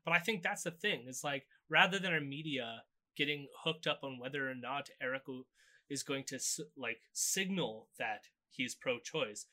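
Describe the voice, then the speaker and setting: A man's voice: mid-range voice, moderate pace, sharp tone. A man co-hosting a podcast, recapping clips in a loose, sardonic casual chat. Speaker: podcast co-host. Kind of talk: casual political commentary chat.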